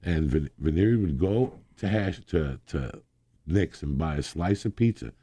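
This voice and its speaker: A man in his sixties telling rambling, animated stories as a guest, laughing often. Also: extremely low pitch, measured pace, slightly rough, no room sound. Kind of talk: casual storytelling.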